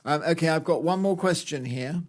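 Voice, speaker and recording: A man's voice: on the high side, fairly quick. A man co-hosting a gardening podcast, chatting casually with jokes and stumbling restarts. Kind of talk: casual chat.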